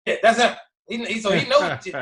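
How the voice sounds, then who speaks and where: A podcast co-host with a notably high voice chats loosely with friends. He tells stories with energy and slips into the voices of the people he quotes. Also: fast talker. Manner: animated storyteller acting out quoted voices. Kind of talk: casual chat.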